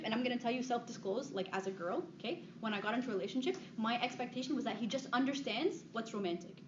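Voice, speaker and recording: A woman's voice: a little high, darkish tone. Conversational woman speaker saying "okay?" constantly. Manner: frequent "okay?" check-ins, conversational and direct. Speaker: speaker giving a talk on dating. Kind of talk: talk to a live audience. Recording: slightly dull, faint background noise.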